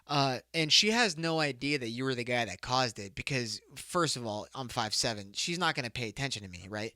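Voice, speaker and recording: A man's voice: medium pitch, lively intonation, fairly quick, few pauses, bright, forceful tone, no room sound, studio quality. A man hosting a comedic solo podcast, telling a rambling, profane story and laughing at his own jokes. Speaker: podcast host.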